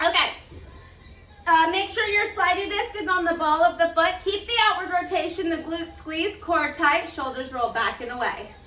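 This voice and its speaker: A young woman leads a live barre class, counting down the moves with upbeat, chatty cues while slightly out of breath. Her very high voice is pushed and bright at a moderate pace, and she's far from the mic, so the sound is roomy.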